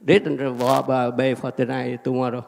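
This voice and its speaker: A man giving a Buddhist teaching in halting, fragmented phrases with many fillers. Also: medium pitch, flat delivery, creaky, darkish tone, slight background noise. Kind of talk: dharma lecture. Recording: hall reverb.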